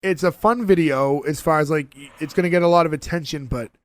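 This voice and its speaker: A man co-hosting a podcast, retelling a TV episode in lively casual chat with lots of fillers. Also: fairly high pitch, quick pace, dry recording. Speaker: podcast co-host.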